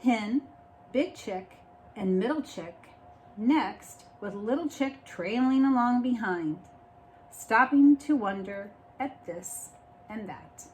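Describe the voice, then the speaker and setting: A woman reading a picture book aloud like a teacher, expressive and pausing to explain the story. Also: on the high side, a little hiss or hum.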